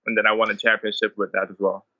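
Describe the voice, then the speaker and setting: Young fighter from the Bahamas, rambling interview guest, low-ish voice, muffled lo-fi sound. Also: male voice, quick pace. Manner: relaxed, rambling, many ums and likes. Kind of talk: casual interview storytelling.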